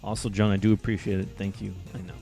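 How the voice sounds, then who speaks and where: A young man doing live play-by-play for a video football game, keeping his excitement quiet so as not to wake his housemates. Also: on the low side, fast, vocal fry, soft background music. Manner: holding back his volume, hyped but quiet. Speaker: play-by-play commentator. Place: shared house at night.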